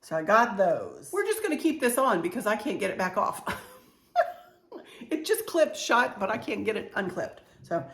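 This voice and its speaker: A woman in her sixties, a home decor vlogger, chats in a mid-range, very animated and slightly bright voice at a moderate pace. In an echoey room, she gives a casual show-and-tell of her purchases and family heirlooms. She gushes that everything is "cute," sprinkling in plenty of "you know."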